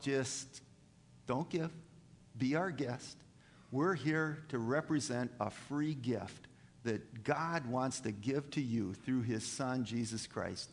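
A man preaching a sermon to his congregation, talking in a halting way with many fillers and restarts. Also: mid-range voice, in a large hall. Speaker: pastor. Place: church.

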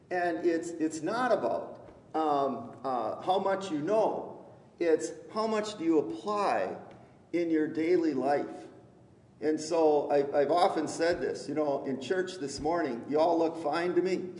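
In a church sanctuary, a male pastor with a somewhat high, slightly mellow voice preaches unhurriedly, often pausing on fillers and restarting, with light conversational humor. A distant mic captures him in an echoey hall with a long, roomy reverb.

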